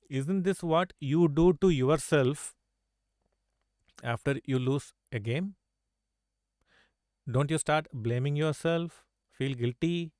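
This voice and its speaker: Recorded dry and studio-clean, a male chess coach with a slightly high voice gives a live lesson. Rhetorical questions and constant "right?" and "okay?" checks keep his students engaged.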